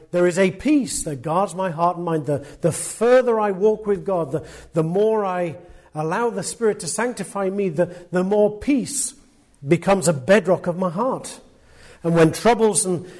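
A man preaching in a fairly high voice. He is earnest and emphatic, piling up repeated words and rhetorical questions as he builds each point of his sermon. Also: a little mellow.

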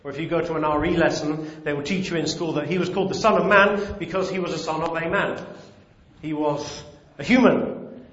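Male preacher with a higher-than-usual voice, emphatic, repeats key lines; recorded in an echoing room on dull, lo-fi audio. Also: fairly even intonation, brisk, fairly bright tone. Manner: emphatic, repeats key phrases, swells on important words. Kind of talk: sermon with Bible reading. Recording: roomy, dull lo-fi sound.

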